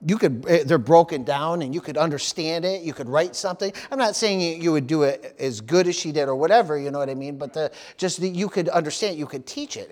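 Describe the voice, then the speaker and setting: A man preaching a sermon as pastor, often stopping for amen, praise the Lord and hallelujah, repeating words as he goes. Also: on the high side. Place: church service.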